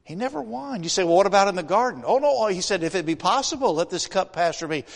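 A high-pitched man with a drawl delivers a sermon in a church sanctuary. His talk is folksy and full of questions to the congregation, and it swells into emphatic preaching. A long reverb from the big hall hangs on every phrase. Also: lively intonation, fast talker. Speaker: guest preacher.

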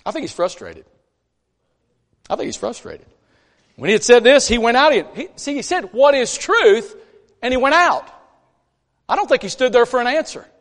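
A man preaching a conversational sermon in a church, folksy and animated, with chatty asides between scripture readings. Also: very high-pitched, quick pace. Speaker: pastor. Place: church sanctuary. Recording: long church reverb.

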